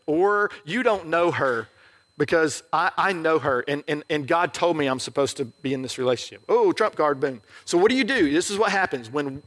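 A man's voice: on the high side, a bit bright. A middle-aged male pastor preaching a sermon in a conversational, joking way, often checking in with the crowd.

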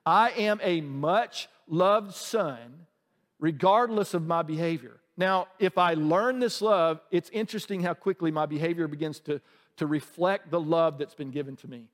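A man's voice: on the high side, moderate pace, big-room sound. A male pastor preaching a sermon in a church, conversational and humorous, often asking the congregation questions. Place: church sanctuary.

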